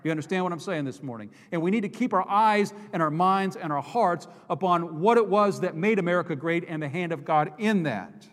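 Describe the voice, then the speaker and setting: A man's voice: high voice, lively intonation, a little fast, few pauses. A male pastor preaching an impassioned sermon, repeating and restarting phrases as he builds his points. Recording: long hall reverb.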